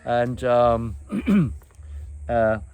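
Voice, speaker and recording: An older man telling stories from his past in a relaxed, meandering way, with lots of ums, uhs and restarts. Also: mid-range voice, clear, resonant tone. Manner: meandering, halting, many fillers and restarts. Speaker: storyteller recounting his past. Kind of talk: casual reminiscing chat.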